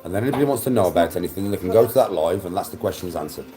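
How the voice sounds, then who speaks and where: A man's voice: deep voice, expressive, racing, warm tone, faint music behind. A young man, chatting on a livestream, blunt and defensive, swearing often. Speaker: livestream host. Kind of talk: casual livestream chat.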